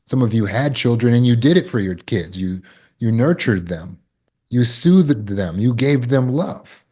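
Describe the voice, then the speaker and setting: A man giving a live talk to an audience in a room. He talks earnestly and coaxingly, repeats phrases, and drops to a soft voice when he voices comforting words. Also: mid-range voice, lively intonation, unhurried, husky. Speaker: trauma recovery speaker. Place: room with an audience of about 160.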